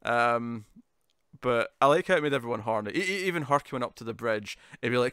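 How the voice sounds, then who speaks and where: A man co-hosting a casual TV review chat, laughing often and slipping into animated impressions of characters. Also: mid-range voice, fast, clear, resonant tone, dry recording, studio quality. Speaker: podcast co-host.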